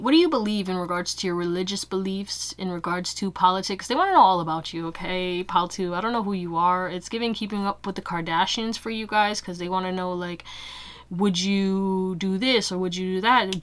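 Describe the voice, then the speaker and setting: A young woman giving a casual pick-a-card tarot reading, chatty and quick to laugh, full of fillers. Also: mid-range voice. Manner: chatty, laughs often, many fillers like "like" and "you know". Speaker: tarot reader.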